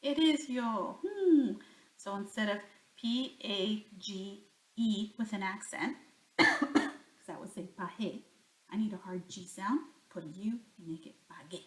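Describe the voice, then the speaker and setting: A woman's voice: mid-range voice, animated, a little slow. A woman teaching a Spanish grammar lesson, talking herself through each example and answering her own questions. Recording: echoey room.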